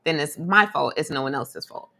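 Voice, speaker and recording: A woman's voice: deep voice, moderate pace, creaky, pushed and bright. A woman co-hosting a podcast, teasing and bantering playfully with her partner. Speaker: podcast co-host. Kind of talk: casual chat.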